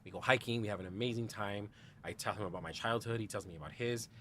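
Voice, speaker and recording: A man telling a personal story as a podcast guest, animated, with lots of "like" and restarts. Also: on the low side, fast, a little hiss or hum. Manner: animated, acts out quoted dialogue with big shifts; frequent "like" and restarts.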